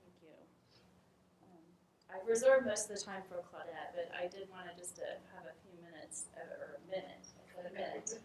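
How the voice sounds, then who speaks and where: A woman's voice: fairly low pitch, normal speed, darkish tone. A woman from a charity giving a humble, grateful speech at a graduation ceremony. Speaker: charity representative. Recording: echoey hall with background noise.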